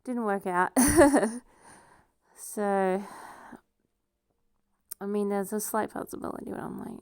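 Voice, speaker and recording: A woman's voice: medium pitch, slow, pauses often, darkish tone, clean tone, no room sound, studio quality. A woman with a noticeable accent talking casually to camera, rambling and self-deprecating, laughing often as she goes. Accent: noticeable non-standard accent. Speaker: vlogger. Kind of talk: casual personal monologue.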